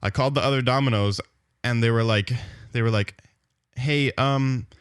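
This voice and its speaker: A man's voice: medium pitch, fairly even intonation, quick pace, smooth, dry recording. Young man, dry close sound, laid-back profane storyteller on a podcast. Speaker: podcast co-host. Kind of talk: casual podcast chat.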